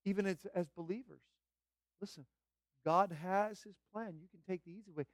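A man preaching a sermon as pastor, fervent and emphatic, building to loud repeated declarations. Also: high-pitched, moderate pace, dry recording, studio quality.

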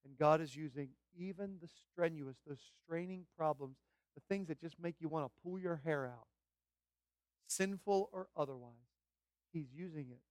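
A man preaching a sermon as pastor, fervent and emphatic, building to loud repeated declarations. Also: on the high side, normal speed, no echo, clean studio sound.

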